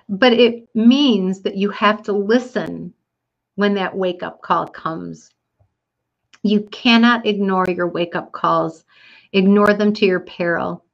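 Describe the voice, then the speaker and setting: A woman's voice: medium pitch, measured pace, lo-fi sound. A woman telling her listeners a personal story in an earnest, reflective way, with frequent fillers. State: getting teary.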